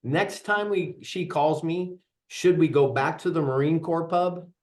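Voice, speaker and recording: A man's voice: on the high side, a little slow, a little mellow. A middle-aged man, a veteran, giving an interactive workshop talk to an audience, earnest and mixing in jokey stories. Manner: earnest, joking storyteller addressing audience. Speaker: veteran trainer.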